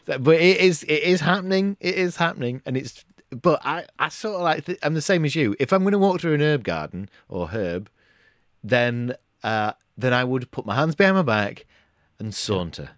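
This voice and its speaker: A man's voice: medium pitch, sing-song, normal speed, dry recording. Rambling middle-aged man, dry sound. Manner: rambling, hesitant, full of restarts. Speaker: podcast co-host. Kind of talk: casual chat.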